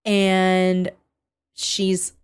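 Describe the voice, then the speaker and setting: Animated woman retelling a story. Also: lowish voice, extremely slow, smooth. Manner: animated retelling with swearing and acted quotes. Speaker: podcast co-host discussing a novel. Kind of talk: casual chat, retelling a plot.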